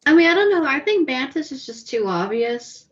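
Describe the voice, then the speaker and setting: A woman's voice: high voice, big pitch swings, normal speed, fairly bright tone, highs cut off. A woman co-hosting a casual chat reviewing a TV special, mostly giving short reactions and dry jokes. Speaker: podcast co-host.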